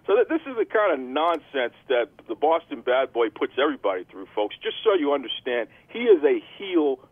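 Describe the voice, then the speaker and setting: Lively husky-voiced wrestling podcast host. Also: male voice, a little high, fairly quick, few pauses, no echo, phone-quality sound. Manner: hype-man announcer delivery. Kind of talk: casual wrestling podcast banter.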